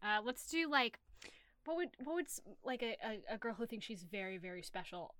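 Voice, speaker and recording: A woman hosting a loose, jokey podcast conversation. Her high, bright voice swoops up and down as she rambles, cuts herself off and restarts her thoughts. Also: animated. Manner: rambling, self-interrupting, quick to laugh. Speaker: podcast host. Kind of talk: casual comedic chat.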